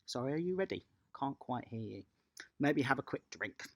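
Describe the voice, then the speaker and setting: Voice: mid-range voice, animated, moderate pace. An upbeat adult tennis coach, running an online class for small children and cheering them on by name.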